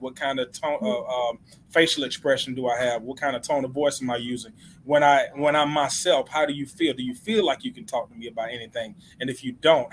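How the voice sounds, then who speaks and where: A man's voice: mid-range voice, a little hiss or hum. A father as a guest in a live conversation, giving earnest advice.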